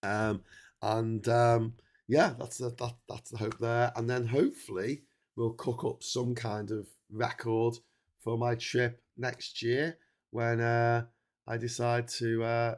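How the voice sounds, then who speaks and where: Speaking a little slowly in a level tone, a middle-aged man from England chats casually on his livestream despite a cold. His voice is of ordinary middle pitch, and he rambles, breaks off and restarts, and fills pauses with ums and uhs.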